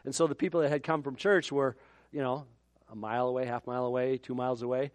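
A man from Minnesota preaching a sermon as the pastor, telling stories with animated, repeating delivery. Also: medium pitch, quick pace, dry recording. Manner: animated storytelling with repeated words and acted-out quotes.

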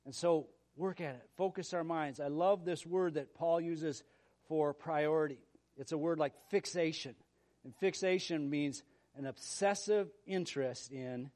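A man's voice: on the high side, a little mellow. A man, a pastor, preaching a sermon with emphatic, repeated phrases. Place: church gym.

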